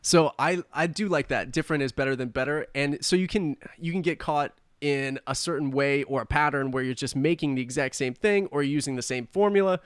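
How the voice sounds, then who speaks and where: Man, podcast host, smooth clear voice, dry close sound. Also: on the high side, a little fast, hardly any pauses, no room sound. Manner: relaxed, summarizing and asking questions. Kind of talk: casual podcast interview.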